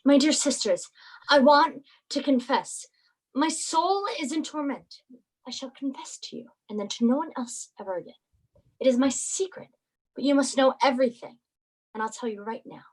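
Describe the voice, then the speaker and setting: An actress playing a tormented sister who makes an urgent, emotional confession of a secret love. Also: female voice, sits high, normal speed. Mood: confessing. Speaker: student actor. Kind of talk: stage drama monologue.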